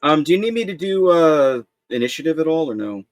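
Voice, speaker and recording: A man's voice: a little high, sing-song, fairly quick, no echo. A man playing in a tabletop game, declaring his moves hesitantly and checking the rules aloud. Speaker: player. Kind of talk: casual tabletop game play.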